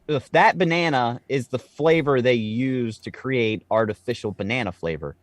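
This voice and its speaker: A man co-hosting a casual podcast, telling stories with loose swearing and rising excitement. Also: medium pitch, normal speed, dry recording. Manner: storytelling, swears freely, animated when excited. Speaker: podcast co-host.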